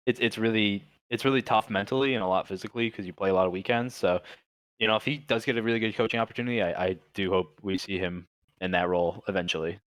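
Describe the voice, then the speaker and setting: Young male co-host, low voice, dry close sound, stumbling and repeating words. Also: steady tone, quick pace, a bit bright, dry recording. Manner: hesitant, repeats words, lots of "like". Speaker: podcast co-host. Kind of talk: casual esports talk show chat.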